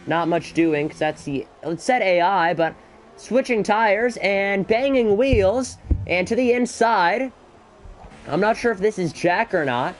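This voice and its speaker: A man doing solo live commentary on an esports race, excitable and a bit out of breath, with chatty asides between the action. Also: sits high, unhurried, slight background noise. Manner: excitable, rising to shouts in battles, chatty asides.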